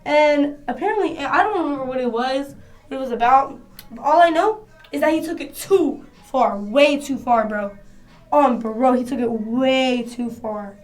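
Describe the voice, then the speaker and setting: A woman's voice: sits high, normal speed, faint music behind. A woman telling a casual storytime to her phone camera at home, chatty and full of slang. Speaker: vlogger.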